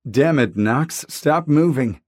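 A curt teenage boy who barks orders and short threats at a friend, as a male narrator plays him. He speaks slowly and clips his words. The sound is close and dry. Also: mid-range voice, animated, a little mellow, dry recording. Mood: annoyed. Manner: curt, commanding.

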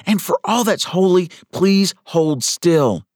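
A man voicing a feisty, sharp-tongued young woman schoolteacher in an audiobook. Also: mid-range voice, moderate pace, no room sound, studio quality, voice pushed up, close to an everyday voice. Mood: tart. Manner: clipped, scolding.

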